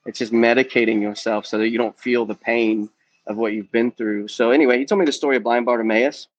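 A man's voice: mid-range voice, fairly even intonation, fast talker, dry recording, muffled recording. Earnest man telling his testimony. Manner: earnest, candid, peppered with "um" and "man". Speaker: youth ministry guest. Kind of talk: personal testimony in a podcast interview.

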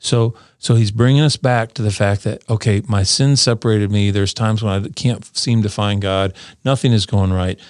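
A man's voice: on the low side, a little mellow, no room sound, clean studio sound. A man co-hosting a casual scripture discussion in a small room, talking earnestly and often repeating his first words. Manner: earnest, repeats words when starting sentences, reads verses aloud slowly. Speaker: podcast co-host discussing scripture.

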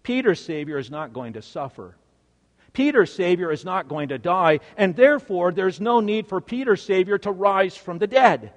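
A male preacher delivering a sermon with dramatic storytelling, swinging from hushed to emphatic. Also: sits high, lively intonation, normal speed, in a large hall.

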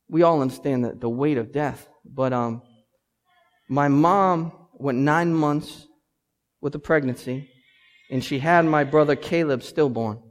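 A man in his thirties preaching a sermon as pastor, animated and building to loud emphatic peaks. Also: fairly high pitch. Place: church sanctuary. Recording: long hall reverb.

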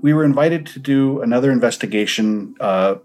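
A man's voice: medium pitch, fairly quick, darkish tone, faint music behind, poor audio. A man, a paranormal investigator, earnestly recounting his investigations in an interview and acting out the dialogue he quotes.

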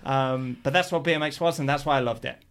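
A middle-aged man, chatting as a guest on a podcast. He tells stories with lively energy and acts out what people said. His voice sits at an ordinary, mid-range pitch. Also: fast. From England. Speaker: guest, pro BMX rider. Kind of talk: casual storytelling.

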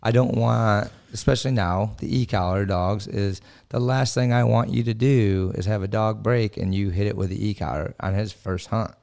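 A low-pitched man with a gravelly, mellow voice explains dog training plainly as a podcast guest. He sounds practical and matter-of-fact. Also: fairly even intonation, normal speed, few pauses. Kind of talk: casual podcast chat.

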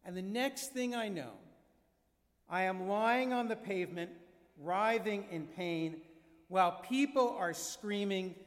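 High-voiced rabbi preaching in a hall. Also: male voice. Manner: storytelling, measured and earnest. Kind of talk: sermon. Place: synagogue sanctuary. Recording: long reverb of a large hall.

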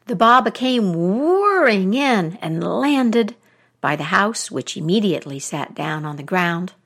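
A woman telling a folk tale aloud, expressive, with dramatic pauses. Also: mid-range voice, husky. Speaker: storyteller.

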